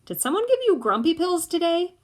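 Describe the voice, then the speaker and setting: A woman's voice: fairly high pitch, animated, normal speed, a bit bright. A woman voicing a father who jokes and teases his son, at times in a whisper. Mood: teasing. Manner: teasing, jokey, sometimes whispering. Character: teasing, joking father of a boy.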